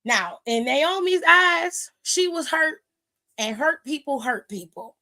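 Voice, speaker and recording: A woman host giving a sassy, gossipy recap of a wrestling show in casual chat, retelling it with lively energy. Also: high-pitched, takes it slowly. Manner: sassy, gossipy, exclaims "child" often; animated retelling with lively quoted voices. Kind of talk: casual chatty commentary.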